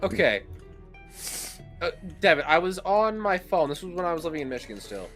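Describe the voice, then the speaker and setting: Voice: medium pitch, very animated, a bit bright, faint music behind. A player in casual gaming banter who teases friends and laughs easily. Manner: teasing, quick to laugh.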